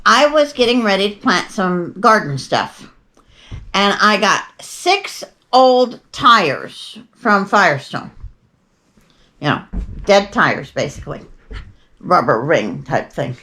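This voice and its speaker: A woman's voice: mid-range voice, sing-song, slow pace, bright, forceful tone. An older woman hosting a show, telling rambling, chatty stories with wry asides and frequent digressions. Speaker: podcast host. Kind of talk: rambling casual storytelling.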